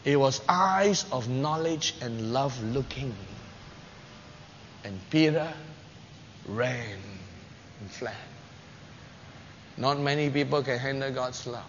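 A man preaching a sermon, telling scripture stories with lively, acted-out quotes. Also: slow pace, pauses often. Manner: animated storytelling, acting out quotes with rising pitch and loudness. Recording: dull lo-fi recording with long hall reverb and faint noise.

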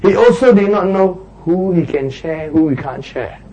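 A man's voice: sits high, moderate pace, dark tone, dull audio, a little hiss or hum. A man, preaching a sermon and acting out little street quarrels in raised voices.

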